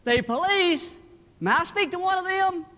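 A man voicing an eager, insistent male telemarketer who fires off loud questions, in an echoey hall. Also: very high voice, expressive, normal speed, voice pushed up, heavily acted.

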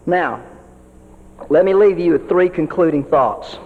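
This is a pastor addressing other ministers in a sermon, his voice a little high and his pace unhurried. His style is earnest and folksy, and he tends to repeat words while developing each point. The sound is dull and carries long reverb from a hall.

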